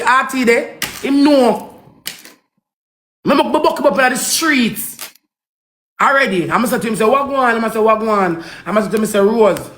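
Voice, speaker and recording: A woman's voice: lowish voice, slight background noise. A woman with a Jamaican accent on a heated livestream rant, pleading and scolding in patois and repeating herself. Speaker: social media live streamer.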